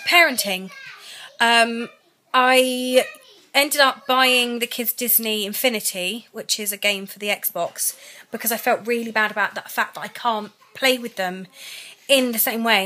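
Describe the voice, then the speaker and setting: A woman's voice: mid-range voice, sharp tone. A young British woman chatting casually to camera in a vlog, tired and near tears, candid and self-mocking as she rambles. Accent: British English. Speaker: vlogger.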